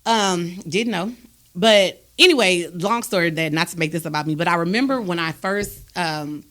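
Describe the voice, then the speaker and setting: A woman, hosting a podcast and telling a personal story in a candid, animated, emphatic way. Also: fairly low pitch, moderate pace. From Texas, USA. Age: adult, raised a grown son. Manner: emphatic and animated, with frequent "do you understand me?". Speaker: podcast host.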